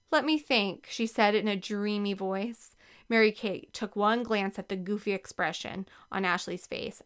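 A woman narrating a children's book with a lively, expressive reading. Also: mid-range voice, smooth. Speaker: audiobook narrator. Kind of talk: scripted narration.

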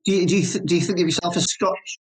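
A man's voice: high-pitched, steady tone, quick pace, slightly rough. A man interviewing a guest, asking questions with hesitant, stammered starts. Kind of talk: conversational interview.

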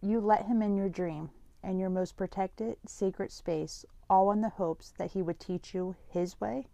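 A woman reading the part of a mysterious hidden voice that speaks softly, formally and probingly. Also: medium pitch, fairly even intonation, a little slow, gravelly, dry recording.

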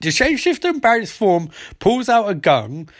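Man, slightly high voice, comedic recap, sarcastic, profane, mocking, quoting characters. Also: very animated, normal speed, dry recording, studio quality.

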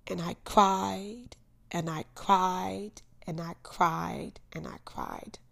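A young woman hosting a podcast talks earnestly through a personal struggle, her low voice carrying a gravelly edge. She swings between loud, emphatic bursts and hushed asides as she tells her story. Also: fairly even intonation, very slow. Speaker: podcast host. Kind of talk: personal motivational monologue.

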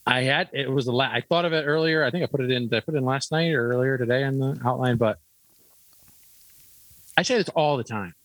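A man's voice: medium pitch, quick pace, fairly bright tone, no echo, low-quality recording. A man from Michigan, a comedian guest on a podcast, playful and fond of repeating silly catchphrases. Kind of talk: casual podcast banter.

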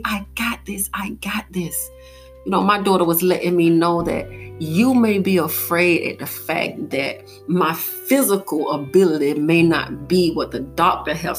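A young woman hosting a podcast, telling a personal story in an earnest, heartfelt motivational monologue. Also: deep voice. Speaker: podcast host.

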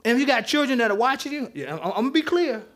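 A pastor with a high-pitched voice preaching in church. He talks loosely and conversationally, teasing the congregation between points. His delivery stays informal even as he makes his case. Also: very fast. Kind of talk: interactive sermon.

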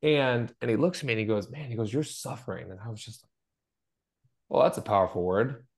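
A middle-aged man with a fairly low voice talks in an open, earnest way on a podcast. He tells stories from his own life and acts out what other people said to him. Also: brisk, a little mellow. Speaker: podcast co-host. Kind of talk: conversational podcast chat.

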